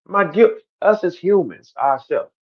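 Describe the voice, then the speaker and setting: A man speaking to his stream audience in a heated, animated monologue, repeating himself and swinging between loud outbursts and quiet asides. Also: high-pitched, measured pace, muffled recording. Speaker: battle rapper on a stream.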